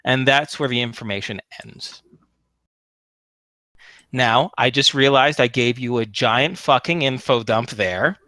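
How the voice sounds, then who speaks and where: Bright-voiced man running a tabletop game. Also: mid-range voice, measured pace, dry recording. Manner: wordy, friendly, apologetic asides. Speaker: game master. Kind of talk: narrating a tabletop game over voice chat.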